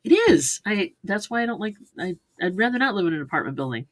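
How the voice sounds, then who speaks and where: Husky, chatty middle-aged woman co-host. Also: fairly low pitch, big pitch swings, fast talker. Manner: chatty and wry, trailing off into asides. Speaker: co-host of a live chat stream. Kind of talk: casual chat.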